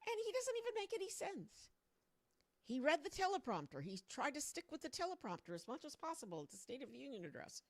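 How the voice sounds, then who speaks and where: A woman's voice: high-pitched, big pitch swings, fast talker. A woman on a livestream ranting about politics into her microphone on a stand, rambling and mocking as she talks to her viewers. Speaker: political commentator streaming to viewers. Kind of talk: casual political rant on a livestream. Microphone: own microphone on a stand.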